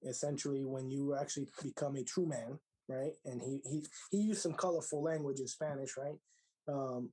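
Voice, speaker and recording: A man speaking as a podcast guest, relaxed and storytelling. He keeps things conversational with frequent asides and slips into Spanish for a word here and there. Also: mid-range voice, normal speed, husky, rough recording. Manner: animated, frequent "right?" asides, mixes in Spanish phrases. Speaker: podcast guest, lodge master. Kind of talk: casual storytelling interview.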